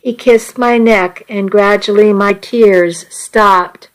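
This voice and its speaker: A woman softly narrating a first-person romance story in an intimate reading voice. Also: medium pitch, steady tone, slow, poor audio.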